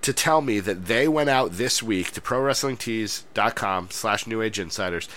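A man with a fairly low voice that still comes across bright and forceful. He co-hosts a podcast in loose, casual chat, joking and acting fed up with his partner. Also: lively intonation, moderate pace. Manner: joking, mock-exasperated. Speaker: podcast co-host.

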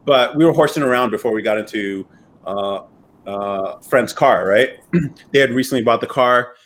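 A man's voice: mid-range voice, normal speed, a bit bright, slight background noise. A man hosting a podcast, telling stories in a loose, rambling, profane way with lots of fillers. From upstate New York. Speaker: podcast host. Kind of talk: casual chat.

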